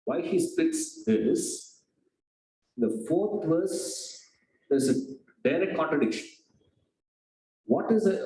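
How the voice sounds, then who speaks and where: A man's voice: fairly high pitch, mellow. A man teaching a scripture class, asking his students rhetorical questions. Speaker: Vedanta teacher. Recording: echoey room.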